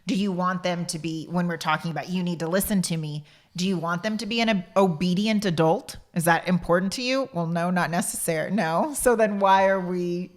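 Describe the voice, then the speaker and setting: A woman's voice: fairly low pitch, brisk, few pauses. A woman in her thirties co-hosting a podcast, talking casually and often finishing her partner's sentences. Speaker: podcast co-host. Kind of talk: casual chat.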